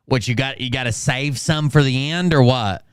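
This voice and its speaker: A male commentator tears into a clip with crude, sarcastic jabs and a steady stream of profanity. His voice is smooth and resonant, recorded close and dry, with his pitch sitting in an average range. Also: normal speed, no room sound. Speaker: reaction commentator. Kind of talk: mocking commentary on a played clip.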